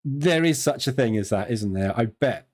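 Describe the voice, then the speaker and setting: A chatty man with a southern English accent, speaking at an ordinary middle pitch as he hosts a live trading stream. He talks casually to his viewers, answers their questions aloud and laughs easily at his own jokes. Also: expressive, moderate pace, darkish tone. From southern England.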